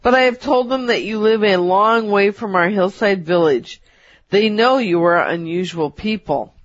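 A woman voicing a kind, playful old male shepherd in a story she reads aloud, with a gentle, welcoming manner. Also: medium pitch, normal speed, dry recording, close to an everyday voice. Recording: dull, dry.

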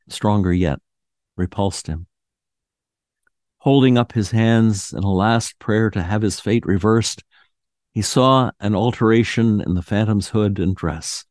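A man hosting a radio show, reading a classic ghost story aloud in a measured, solemn narration. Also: fairly low pitch, a little mellow, no room sound, studio quality.

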